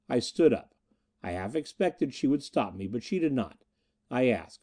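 Mellow, lively male audiobook narrator. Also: medium pitch, normal speed. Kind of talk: first-person audiobook narration.

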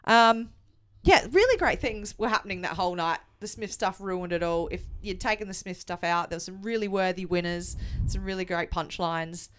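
A woman's voice: on the low side, fairly even intonation, brisk, few pauses. A woman co-hosting a podcast, chatting casually and retelling events with quoted asides. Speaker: podcast co-host. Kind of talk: casual chat.

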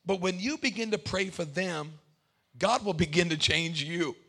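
Fiery high-voiced preacher. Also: male voice, normal speed. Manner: animated preaching, swings from loud to hushed; playful asides to the congregation. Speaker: pastor. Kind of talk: sermon.

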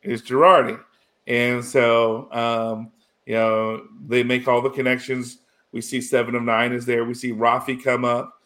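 A man with a medium-pitched, fairly bright voice recaps a TV episode in casual chat, keeping a level tone and a measured pace. He rambles, restarting often and leaning on fillers like "you know," and grows emotional as he goes.

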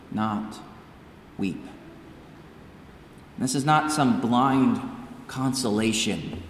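A male pastor delivering a sermon with slow, deliberate emphasis and pauses. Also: medium pitch, a bit bright, slight background noise. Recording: echoey church hall from far off.

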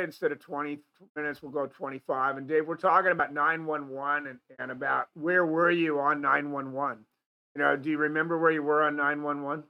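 A man's voice: a little high, muffled recording. A man hosting a casual talk show, rambling with many restarts and fillers. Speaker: show host.

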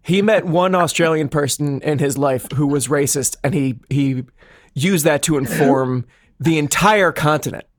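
A man's voice: on the high side, unhurried, no echo. A man with a slightly raised voice hosts a comedy podcast in loose, casual chat. He rambles, restarts his sentences and pokes fun at himself. The recording is close and bone-dry, with no room sound. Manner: self-deprecating, rambling with restarts. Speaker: podcast co-host.

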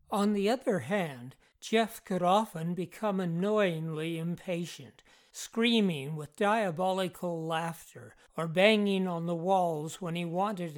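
A narrator reading a scripted true-mystery story in a measured storytelling manner. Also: mid-range voice.

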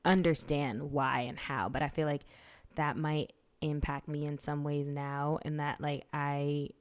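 Low-voiced young woman, candid chat. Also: level tone, measured pace. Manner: candid, swearing, acts out quotes. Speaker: podcast co-host. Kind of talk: casual chat.

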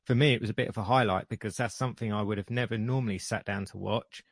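Relaxed low-voiced man chatting. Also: quick pace, gravelly, breathy edge, no echo, clean studio sound. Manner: relaxed, chatty, uses "like" a lot. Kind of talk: casual chat.

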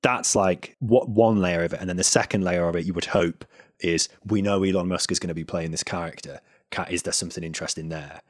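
Deep-voiced blunt man. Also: steady tone, brisk, no echo, clean studio sound. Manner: blunt, hesitant restarts, sweary critique. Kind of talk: casual conversational commentary.

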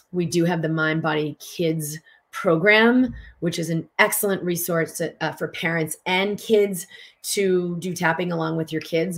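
A middle-aged woman coaching tapping in a live online session, talking in an animated, emphatic and chatty way. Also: low-pitched, gravelly. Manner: animated, emphatic, conversational with fillers.

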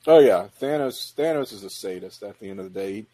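A man's voice: lowish voice, animated, fast, mellow. A man co-hosting a movie commentary, giving wry, opinionated takes and restarting his sentences as he goes. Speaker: co-host of a movie watch-along commentary. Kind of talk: casual chat.

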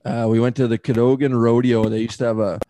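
A man's voice: mid-range voice, little pitch movement, fast talker, warm tone. A man hosting a podcast, telling rambling stories in casual chat, swearing freely and laughing often. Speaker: podcast host.

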